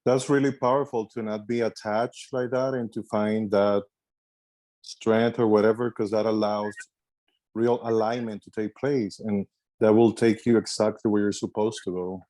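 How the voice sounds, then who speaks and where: A man's voice: fairly low pitch, little pitch movement, normal speed, mellow. A man being coached as a guest on a podcast, casually chatting and responding with brief, supportive affirmations. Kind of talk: casual chat.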